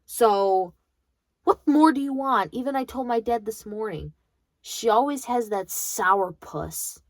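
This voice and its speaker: A woman's voice: a little high, animated, slow, no echo. A young woman in college venting bluntly about her grandmother, swearing freely in a bitter monologue. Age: young adult. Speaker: vlogger.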